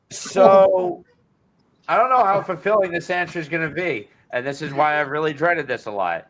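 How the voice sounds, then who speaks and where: A man's voice: medium pitch, a bit bright, a little hiss or hum, poor audio. A young man hosting a podcast who chats casually and earnestly, starting his sentences over several times. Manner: earnest, hesitant, with many restarts. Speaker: podcast host. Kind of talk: casual interview chat.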